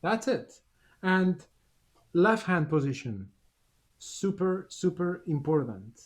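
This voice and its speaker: A man's voice: sits high, sing-song, slow. Man coaching a clarinet student. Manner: short encouraging instructions between demonstrations. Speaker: clarinet teacher. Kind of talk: masterclass coaching.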